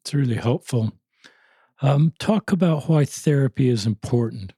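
A man's voice: mid-range voice, lively intonation, moderate pace, mellow, husky, no echo. A man hosting an interview, asking casual, encouraging questions.

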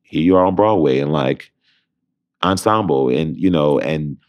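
A man's voice: extremely low pitch, measured pace. A man in his thirties, an interview guest, telling a story casually and acting out the voices in it. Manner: animated, acts out voices in anecdotes.

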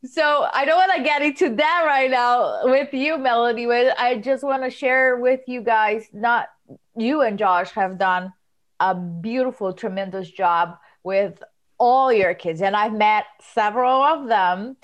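A woman's voice: fairly high pitch, measured pace, highs cut off. A woman co-hosting a podcast in casual chat, enthusiastic and effusive. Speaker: podcast co-host.

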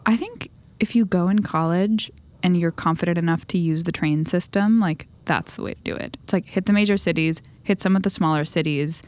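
A woman's voice: on the low side, fairly quick, few pauses, darkish tone. Playful woman guest on a podcast. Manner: playful, laughs between phrases. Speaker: guest editor. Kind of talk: casual chat.

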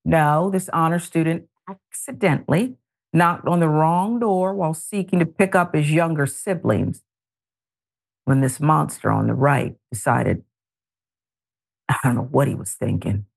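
A middle-aged woman hosting a news talk show, reading stories and adding pointed, animated commentary. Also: sits low, measured pace, gravelly, breathy edge. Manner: animated, editorializing with pointed asides.

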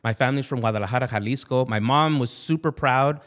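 A man's voice: medium pitch, fast. A man in his forties with a Southern California Latino accent, telling family stories as a podcast guest, acting out relatives' voices and slipping into Spanish. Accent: Southern California Latino English. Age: 40s. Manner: animated, acts out family voices, switches into Spanish. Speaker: podcast guest, Army veteran. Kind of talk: casual storytelling interview.

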